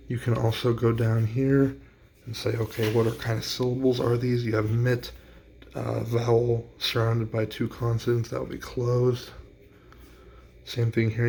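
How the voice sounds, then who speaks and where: A man's voice: mid-range voice, creaky, a little mellow, slight background noise. A man explaining a classroom teaching strategy in a plain, practical way. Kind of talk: instructional explainer.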